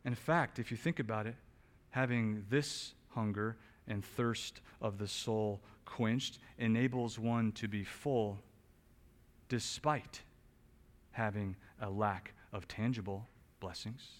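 A man preaching an expository sermon as pastor. He talks conversationally with small restarts, builds to loud emphatic peaks and then drops back quiet. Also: fairly low pitch, slow pace.

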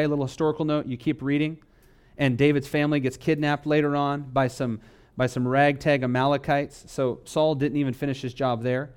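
A man preaching as pastor shifts between loud, emphatic lines and quiet, low asides, reading scripture slowly and leaning on key words.

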